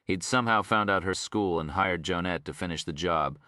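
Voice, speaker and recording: Low, bright-toned male audiobook narrator. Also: normal speed, no echo, studio quality. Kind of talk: scripted narration.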